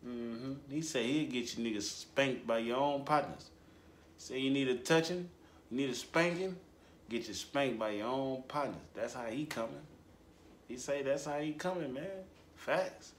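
A man's voice: moderate pace, reverberant, slight background noise. Drawling man ranting in casual commentary. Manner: animated, drawling, repetitive, voice jumps high for emphasis. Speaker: commentary host.

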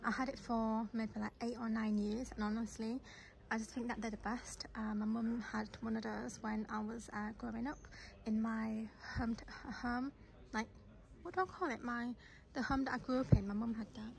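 A woman's voice: a little high, fairly even intonation, moderate pace, gravelly. A woman vlogging in casual, rambling chat, slightly out of breath, with lots of fillers and restarts. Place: shops and home, indoors.

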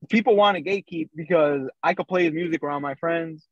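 A man's voice: on the high side, fairly quick, no room sound, lo-fi sound. A man co-hosting a podcast, telling a story in a loose, casual way with lots of fillers over a remote call. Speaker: podcast co-host. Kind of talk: casual chat.

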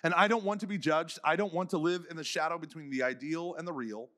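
A man's voice: fairly high pitch, fast talker, fairly bright tone. A man giving a faith conference talk, telling stories casually with many "like" fillers and acting out the people he quotes. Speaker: conference speaker.

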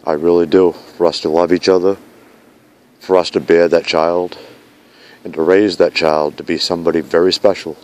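A vlogger records a heartfelt video message to his fiancée outdoors in a snowy park at night. His voice is low and a little mellow, with a level tone at normal speed, and he speaks earnestly and pleadingly, repeating lines that sound like vows.

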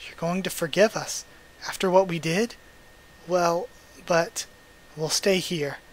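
A man's voice: high-pitched, slow pace, low-quality recording. A man hosting a manga readthrough, reading the dialogue aloud and breaking off for emotional, chatty asides.

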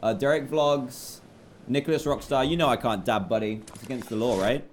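A man's voice: mid-range voice, normal speed, a little hiss or hum. A young British man chatting while streaming a game live, reading out donors' names and apologising often.

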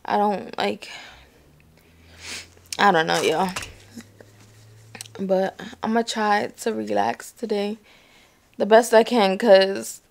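A woman's voice: mid-range voice, steady tone, slow, gravelly, long pauses, a little hiss or hum. A young woman vlogging to camera from home, talking casually in slang and swearing bluntly, worn out and in pain after surgery.

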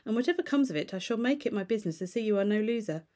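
A woman voicing a calm male lawyer who reasons in a measured, formal way in a storybook reading. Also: medium pitch, close to an everyday voice. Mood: resolute.

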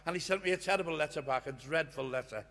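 An older man giving an impassioned storytelling speech at a union conference, earnest and swinging from hushed to loud. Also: on the high side, fast talker. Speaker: guest speaker at a union conference. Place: conference hall. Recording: long reverb of a conference hall.

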